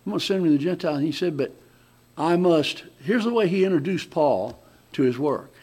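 High-voiced man preaching a sermon. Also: animated, fairly quick. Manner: conversational preaching with many restarts and swings between loud and quiet.

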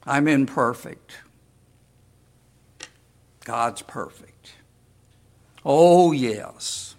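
A man preaching a sermon as pastor, deliberate and full of rhetorical questions to the congregation. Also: medium pitch, darkish tone.

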